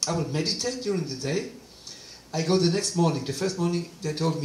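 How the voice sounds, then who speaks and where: A man giving a personal testimony talk, animated storytelling with quoted dialogue, in a hall. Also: fairly high pitch, fairly quick, a little hiss or hum. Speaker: guest speaker. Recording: roomy distant hall recording, faint ambience.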